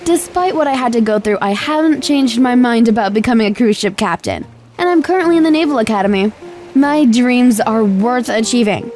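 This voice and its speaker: A young woman narrating a first-person animated story in a scripted, emotive storytelling delivery. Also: on the high side, brisk, faint music behind.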